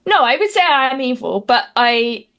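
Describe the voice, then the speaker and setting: Woman, fairly high pitch, dry wit, halting conversational guest. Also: very animated, a bit bright. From Britain. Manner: dry, wry humor with many fillers and restarts. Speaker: guest commentator. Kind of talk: casual interview chat.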